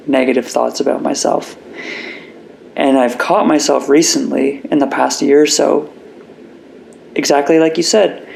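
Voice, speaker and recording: A young man speaks as an interview guest, earnest and reflective. His voice is gravelly, at a middle pitch. A faint hiss of noise sits behind him. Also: darkish tone, poor audio. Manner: earnest and reflective, gets emotional. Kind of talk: candid personal interview.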